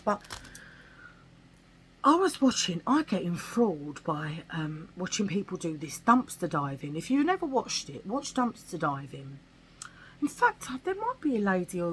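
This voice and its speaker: A woman's voice: mid-range voice, a little hiss or hum, rough recording. A woman from England, chatting casually and animatedly in a vlog about her shopping finds. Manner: chatty and animated, with slangy asides. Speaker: vlogger. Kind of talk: casual chat.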